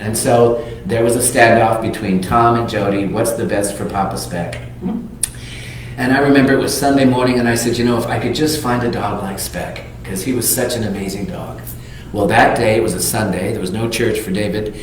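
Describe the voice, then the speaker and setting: A man, a minister, telling a personal story in a sermon as a lively storyteller who acts out the people he quotes. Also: lowish voice, moderate pace, slight background noise. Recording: very echoey hall.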